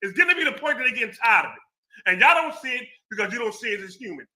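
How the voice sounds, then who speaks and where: Animated man telling street stories. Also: very high voice, very fast. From American Southwest. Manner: street slang, animated storytelling. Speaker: former law enforcement. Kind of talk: casual chat.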